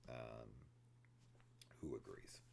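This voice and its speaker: A man's voice: extremely low pitch, extremely slow, creaky, a little mellow. A man hosting a horror film review show, talking casually and opinionatedly with plenty of swearing and rambling asides. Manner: laughs and mimics characters while telling the plot. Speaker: film review podcast host. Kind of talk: casual spoiler discussion.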